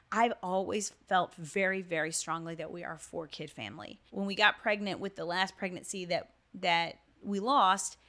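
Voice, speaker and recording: Earnest woman in her thirties, podcast host. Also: mid-range voice. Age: 30s. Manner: earnest, emotional, with frequent fillers and hushed quoted asides. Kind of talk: personal storytelling monologue.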